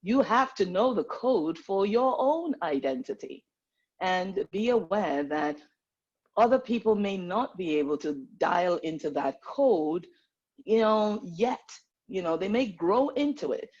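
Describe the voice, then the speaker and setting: A woman's voice: medium pitch, lively intonation, unhurried, a little mellow, breathy edge, muffled recording. A woman from Nigeria, a medical practitioner, speaking earnestly and animatedly as a panelist on a video call.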